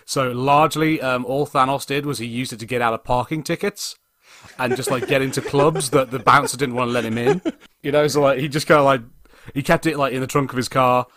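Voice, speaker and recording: A man co-hosting a casual podcast, improvising a comic story with many pauses and fillers. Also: mid-range voice, fairly even intonation, fairly bright tone. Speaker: podcast co-host.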